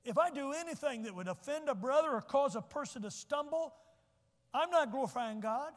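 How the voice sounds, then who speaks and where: A man, preaching a sermon as pastor, folksy, joking asides and repeating his points slowly. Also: very high-pitched, expressive. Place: church sanctuary. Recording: long church reverb.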